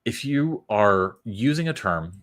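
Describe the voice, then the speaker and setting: Blunt man reviewing copy, deep low voice, sarcastic asides. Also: expressive, slow, fairly bright tone. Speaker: copywriting critic. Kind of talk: casual critique of web copy.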